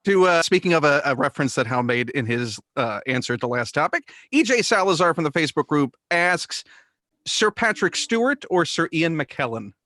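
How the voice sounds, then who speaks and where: A man reading listener questions on a podcast, brisk, with some fillers as he moves the show along. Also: a little high, lively intonation, sharp tone, dry recording. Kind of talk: casual chat.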